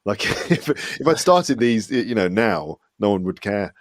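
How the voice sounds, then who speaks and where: English guy in his 40s, bit of west midlands underneath, lowish voice, chatty and self-deprecating, dry close mic. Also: animated, a little slow, no room sound. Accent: English, faint West Midlands trace. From England, West Midlands (Solihull). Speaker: guest, English teacher and podcaster. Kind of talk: casual interview chat.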